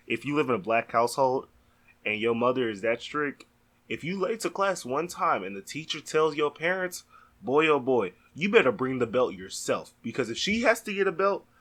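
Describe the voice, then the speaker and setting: A young man telling a storytime vlog, animated and exasperated, talking casually. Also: medium pitch. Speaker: vlogger.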